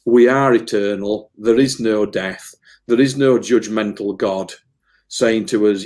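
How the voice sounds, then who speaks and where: A man's voice: fairly low pitch, takes it slowly, a little mellow. A man, a medium giving an earnest, emotional interview, often repeating words as he rambles. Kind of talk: casual spiritual interview talk.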